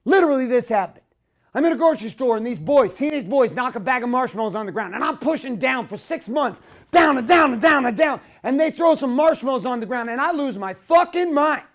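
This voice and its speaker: A man with a strikingly high-pitched voice delivers a motivational talk. His manner is fiery and profane, and he often bursts into shouts for emphasis. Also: expressive, brisk. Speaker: motivational speaker.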